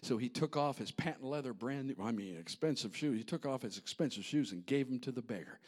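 A man preaching a sermon, swinging between hushed storytelling and impassioned shouting. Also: medium pitch, expressive, brisk. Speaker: pastor.

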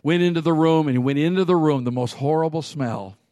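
Lively higher-voiced male preacher. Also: brisk, no echo. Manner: animated, laughs often, calls out to the congregation. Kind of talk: sermon with humorous storytelling.

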